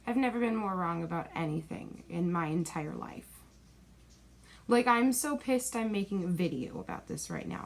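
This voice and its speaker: A woman's voice: mid-range voice, creaky, a little mellow, a little hiss or hum. Exasperated young woman ranting. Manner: rambling, exasperated, heavy on fillers and dismissive asides. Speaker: vlogger reviewing a movie. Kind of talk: ranting movie review.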